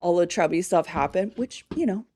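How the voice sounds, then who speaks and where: A woman co-hosting a casual chat show, ranting fast and swearing a lot. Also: fairly low pitch, dark tone. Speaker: co-host.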